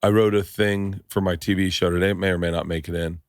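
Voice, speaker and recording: A middle-aged man hosting a podcast, chatting casually with rambling, jokey, excitable stories. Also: sits low, quick pace, no room sound, studio quality. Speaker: podcast host. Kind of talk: casual chat.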